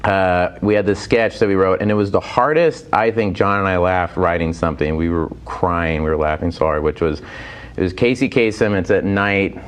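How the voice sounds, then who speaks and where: A man telling a comedy-writing anecdote in a podcast chat, animated and laughing through his story. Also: deep voice, normal speed. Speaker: guest comedy writer.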